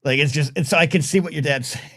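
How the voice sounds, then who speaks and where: A man's voice: fairly high pitch, quick pace, fairly bright tone, husky, no room sound, clean studio sound. A man hosting a casual live talk radio show, rambling and reading out chat comments. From United States.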